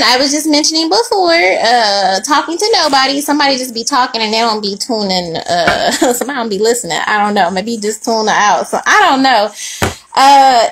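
Chatty high-voiced woman tarot reader. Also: a bit bright. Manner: chatty, slangy, laughs often. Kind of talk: casual tarot reading chat.

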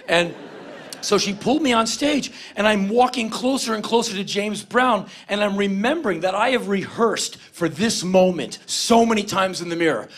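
A man telling a comic spoken-word story in an animated, self-deprecating, emphatic way. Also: sits high, normal speed.

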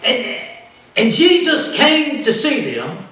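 A male pastor with a high, lively voice, preaching with animated delivery. He stands some way from the mic, and his voice rings through an echoey church sanctuary. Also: slow pace, recorded from a distance. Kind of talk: sermon.

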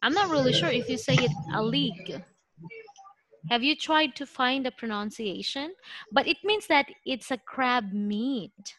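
A woman's voice: high-pitched, animated, a little slow, fairly bright tone. A woman with a Filipino accent teaches an online lesson over a video call. She is patient and thinks aloud, with many okays. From Philippines.

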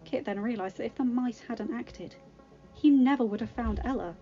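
A woman's voice: fairly high pitch, moderate pace, muffled recording, soft background music. A woman reading a fan-written story aloud, narrating plainly and sometimes correcting herself. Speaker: reader.

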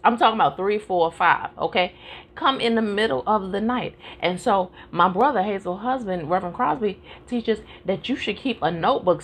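A woman teaching a live-streamed Bible study in an animated, preacherly way, calling out to her listeners and urging them on. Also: mid-range voice, breathy edge. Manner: animated, preacherly call-and-response.

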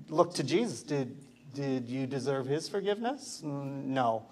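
A man's voice: medium pitch, animated, measured pace, a little mellow. A male pastor giving an impassioned sermon, asking the congregation rhetorical questions. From Canada.

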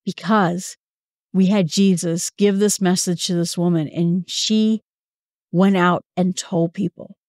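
A woman's voice: lowish voice, fairly even intonation, slow pace, a little mellow, dry recording, clean studio sound. Conversational woman teaching a Bible lesson. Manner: conversational, quotes figures in everyday speech.

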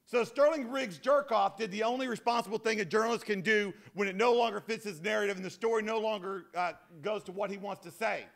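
A man giving a conference keynote talk in an animated, joking, self-deprecating manner. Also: high-pitched, a little fast, vocal fry, hardly any pauses. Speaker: keynote speaker.

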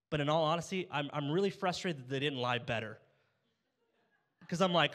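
A man's voice: a little high, fast, fairly bright tone. A young man preaching a sermon as pastor, telling funny family stories and acting out the dialogue. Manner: humorous storytelling, acts out dialogue. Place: church sanctuary. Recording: church hall reverb.

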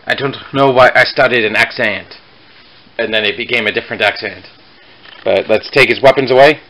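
A man's voice: medium pitch, normal speed, bright, forceful tone, slight background noise, low-quality recording. A young man casually reviewing a toy on his vlog, rambling and correcting himself mid-sentence with chatty asides.

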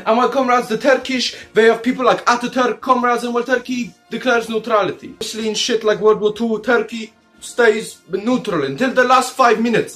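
A man's voice: extremely high pitch, fairly bright tone. A man hosting a comedic history video as a mock commander, calling his viewers comrades, swearing and joking with bursts of laughter. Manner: calls listeners "comrades" in nearly every line, crude and jokey; breaks into laughter and silly asides. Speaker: history video host in a comic commander persona.

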